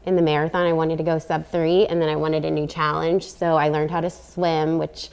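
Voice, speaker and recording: A woman's voice: sits low, level tone, brisk, gravelly, darkish tone, clear, resonant tone. A woman in her thirties, an athlete, speaking steadily and reflectively as an interview guest. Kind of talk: casual interview talk.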